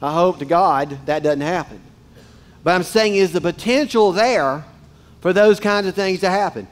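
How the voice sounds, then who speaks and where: A man's voice: high-pitched, normal speed. A man, preaching a casual, joking sermon straight to his congregation in a church. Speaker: pastor. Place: church sanctuary.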